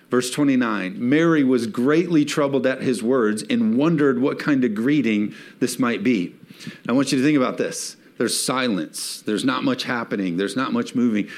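A man's voice: mid-range voice, normal speed. A man preaching a sermon in a church, reading scripture and rising to emphatic peaks as he calls on the congregation to respond. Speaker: pastor.

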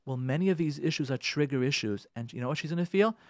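A man, a rabbi on a radio show, urging his listeners in an impassioned talk, repeating his key points and swinging from loud pressing to soft pleading. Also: fairly high pitch, lively intonation, fast talker, dry recording, clean studio sound.

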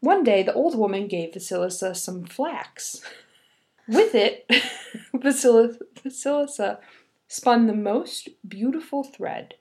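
A woman's voice: fairly high pitch, animated, slow pace, a little mellow. A young woman reading a fairy tale aloud, breaking off for playful, giggly asides. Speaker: podcast host. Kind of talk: storytelling with casual commentary.

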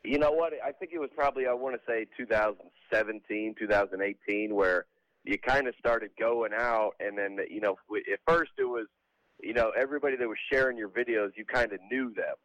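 Comedian guy from georgia, lowish voice, kinda muffled dry line, just chatting. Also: brisk, fairly bright tone, dry recording. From Georgia, USA. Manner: loose, chatty storytelling. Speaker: comedian guest. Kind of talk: casual phone-in interview.

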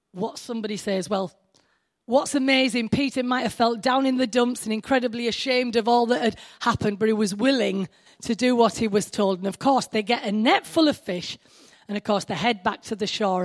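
Woman preacher, high voice, chatty sermon delivery that questions the listeners. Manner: conversational, asks the congregation questions.

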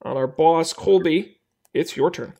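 A man's voice: on the high side, vocal fry, dark tone, a little hiss or hum. A man narrating as game master of a tabletop game, casual and joking. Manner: casual, joking, quick asides.

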